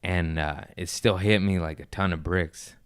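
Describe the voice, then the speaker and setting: A man's voice: deep voice, steady tone, normal speed, smooth, no echo, clean studio sound. A male comedian in casual podcast chat, rambling and profane, often laughing mid-sentence.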